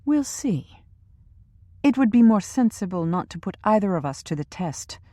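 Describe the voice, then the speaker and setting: A woman's voice: medium pitch, sing-song, moderate pace, no echo, voice pushed up. Brief: a woman as an imperious, sarcastic villainess giving orders in a thriller audiobook, dry sound. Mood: threatening. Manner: sharp, sarcastic, commanding. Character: scheming ruthless woman boss, imperious and cruel. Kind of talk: audiobook character reading.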